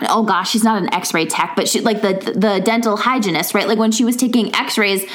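A woman's voice: medium pitch, normal speed. A woman in her thirties hosting a podcast, giving a casual pep talk from home, chatty and laughing often with lots of filler words. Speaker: podcast host. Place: home in a rural area.

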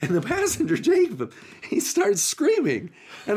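A talkative man spins stories in a relaxed podcast chat. His voice sits somewhat high and swoops all over the place as he gets animated, a born connector who loves to talk. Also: unhurried, slightly rough. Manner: animated, chatty storyteller. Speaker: podcast host. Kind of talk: casual storytelling chat.

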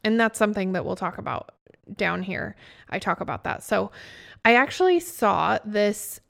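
A woman's voice: mid-range voice, animated, normal speed, gravelly, a bit bright. A young adult woman co-hosting a casual podcast, telling stories and acting out what people said. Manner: storytelling, acts out quoted dialogue. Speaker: podcast co-host.

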